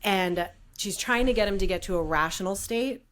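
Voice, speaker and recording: A woman's voice: medium pitch, moderate pace, a bit bright. A woman co-hosting a podcast, telling a workplace story in casual chat and acting out the dialogue. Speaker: podcast co-host.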